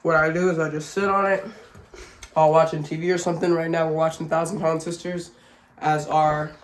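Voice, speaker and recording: A woman's voice: low voice, little pitch movement, a little fast, slight background noise. Sick, breathless woman vlogging in an echoey room. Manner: chatty, joking, laughs at herself. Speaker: family vlogger. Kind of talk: casual instructional vlog.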